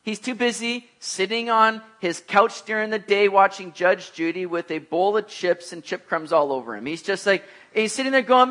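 A middle-aged man preaching a sermon, telling lively personal stories and acting out the voices of the people in them. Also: high voice, normal speed, hardly any pauses. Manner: animated storyteller, acts out voices, laughs at himself. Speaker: pastor.

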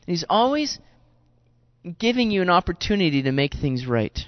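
A man's voice: high-pitched, sing-song, normal speed, dry recording. A man preaching a conversational sermon, earnest and chatty, often repeating words as he goes. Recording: dull lo-fi recording, dry.

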